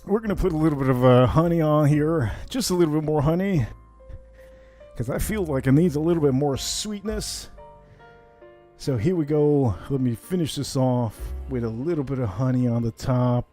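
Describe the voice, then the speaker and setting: A man hosting a whiskey cocktail livestream, chatting casually and rambling with animated asides. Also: on the high side, moderate pace, soft background music.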